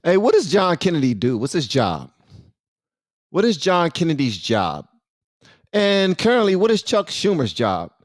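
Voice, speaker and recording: A man's voice: a little high, wildly swooping pitch, measured pace, no room sound, clean studio sound. A man hosting casual political commentary, joking and using slang as he talks straight to his viewers.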